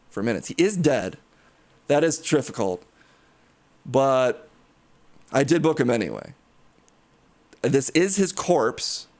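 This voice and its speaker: A man hosting a parody news segment, playing the dry, flustered straight man. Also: mid-range voice. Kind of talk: deadpan comedy news segment.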